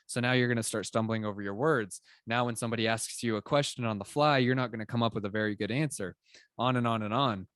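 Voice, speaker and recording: A young adult man co-hosting a podcast, explaining ideas in an animated, casual way with plenty of filler words. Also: medium pitch, quick pace, no echo, studio quality. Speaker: podcast co-host. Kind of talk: casual conversational chat.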